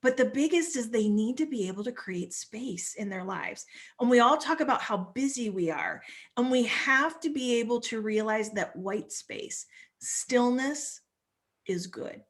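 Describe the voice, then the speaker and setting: A woman in her forties, a family stress coach, talking in an animated, conversational way as a guest speaker. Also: fairly high pitch, measured pace. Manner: animated, acts out little voices while explaining. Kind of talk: conversational talk.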